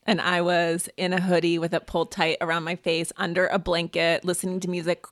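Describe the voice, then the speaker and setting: A woman's voice: fairly low pitch, monotone, brisk, no echo, clean studio sound. A woman hosting a podcast, telling a candid, self-deprecating story and laughing often. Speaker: podcast host. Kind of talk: casual conversation and read ad.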